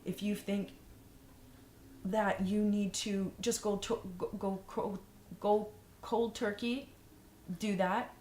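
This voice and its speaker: A woman's voice: mid-range voice, little pitch movement, slow, pauses often, a little mellow. A woman vlogger giving frank, rambling advice in a casual monologue, full of fillers and restarts. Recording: echoey room, faint noise.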